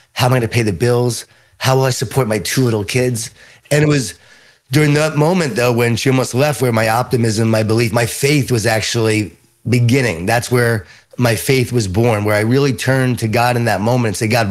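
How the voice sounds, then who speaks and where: A middle-aged man with a Long Island New York accent, a guest author giving lively storytelling answers in an interview. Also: mid-range voice.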